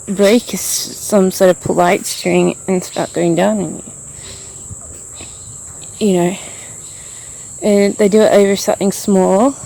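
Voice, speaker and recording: A woman with a medium-pitched, dark-toned voice vlogs outdoors while walking around. She rambles in frustration, packing her venting monologue with fillers.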